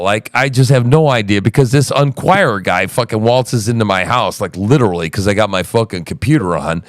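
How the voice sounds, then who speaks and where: A man's voice: mid-range voice, animated, fairly quick, no echo, studio quality. A man hosting a podcast from his home in the woods, telling a rambling, profane story in casual chat. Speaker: podcast host.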